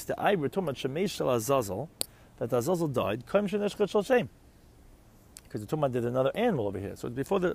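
A man's voice: mid-range voice, gravelly, darkish tone, slightly rough. A man giving a Talmud lecture, reading Aramaic phrases and explaining each one in English, often posing questions to his listeners. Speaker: Talmud teacher.

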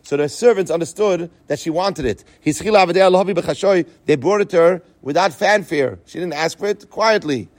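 A man's voice: high voice, fairly quick, hardly any pauses, no room sound. A man teaching a Talmud lesson with an Ashkenazi yeshiva pronunciation, chanting the Aramaic text and then explaining it in English. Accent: Yeshivish Ashkenazi Hebrew pronunciation.

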